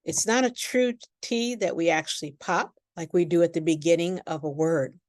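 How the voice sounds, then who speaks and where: A woman with an American accent teaching pronunciation in a recorded lesson, speaking slowly and enunciating each word for listeners to repeat. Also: on the low side, a little mellow, no room sound, clean studio sound. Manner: slow, deliberate, carefully enunciated.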